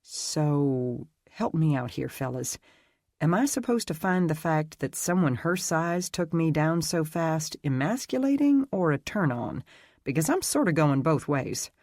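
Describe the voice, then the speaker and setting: A man's voice: fairly high pitch, expressive, measured pace, darkish tone, no room sound, clean studio sound. A narrator voicing a lanky, wisecracking Texan man held prisoner, with a joking, wry manner and a Texan accent.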